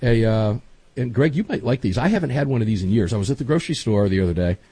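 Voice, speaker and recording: Husky middle-aged guy hosting a podcast, voice jumps all over, rambly chat. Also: mid-range voice, lively intonation, fast talker, dark tone, dry recording. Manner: chatty, rambling, emphatic. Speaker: podcast host. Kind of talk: casual chat.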